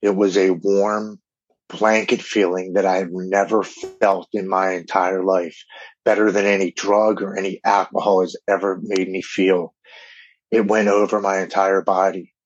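A man, a podcast guest, telling an emotional recovery story in an earnest, halting way with repeated words. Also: low voice, flat delivery. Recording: dull, dry remote recording.

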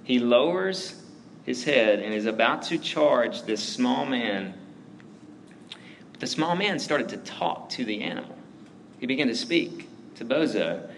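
A man preaching a sermon, praying and then telling a story in a relaxed, chatty way, full of "like" and "right?". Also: mid-range voice, measured pace, gravelly, slight background noise, low-quality recording. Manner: conversational, lots of fillers like "like" and "right?". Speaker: pastor.

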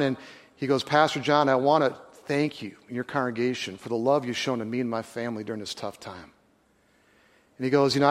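A man who is a pastor, telling a story in a sermon in an earnest, halting way with restarts. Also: fairly high pitch. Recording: long hall reverb.

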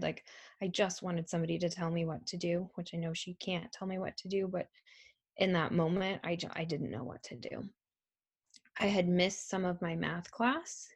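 A young woman telling a personal story in a halting, soft-spoken way, with frequent pauses and ums. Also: fairly low pitch, vocal fry. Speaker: survivor telling her story. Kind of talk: personal testimony.

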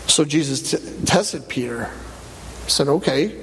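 A man preaching a sermon, animated, rising to loud peaks and dropping low. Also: slow pace, long pauses, slight background noise. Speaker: pastor. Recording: long church hall reverb.

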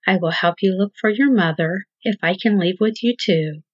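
A woman's voice: mid-range voice, moderate pace, husky, no room sound, lightly acted. A woman voicing a male barnyard pig who sounds concerned and obliging. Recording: dull lo-fi dry recording.

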